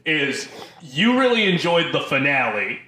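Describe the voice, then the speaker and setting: A man with a higher, bright voice swings his pitch widely as he argues his views on a casual film podcast. He stumbles and restarts as he talks. His voice rings in a roomy echo. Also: very animated, a little slow, slight background noise. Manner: opinionated, stammering restarts. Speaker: podcast co-host. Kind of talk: casual chat.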